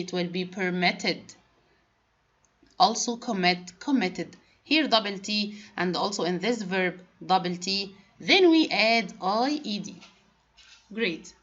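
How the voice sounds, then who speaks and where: A woman whose first language is Arabic teaches English grammar in a patient classroom lesson, spelling out letters and rules one by one. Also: mid-range voice. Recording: dull lo-fi recording.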